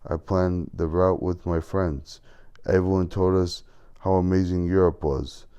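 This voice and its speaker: A frightened young migrant man, as read by a male narrator, pleading through tears in an audiobook. His voice sits very deep and dark. He asks desperate questions. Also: steady tone, unhurried, clean tone. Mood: despairing.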